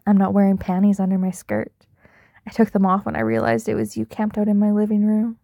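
A young adult woman performing an intimate audio role-play in a teasing, dominant, soft-spoken way with whispered asides. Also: mid-range voice, completely flat delivery, a little fast, gravelly, dry recording, muffled recording.

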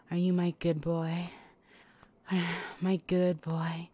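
A woman in a whispered role-play, teasing and giving commands between breathy whispers and sighs. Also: deep voice, fairly even intonation, extremely slow, dark tone. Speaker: audio role-play performer.

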